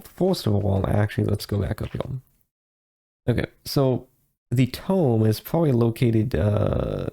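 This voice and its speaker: A man's voice: lowish voice, gravelly, mellow. A man giving casual, rambling commentary while playing a game, with frequent hesitations and restarts. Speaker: let's play host.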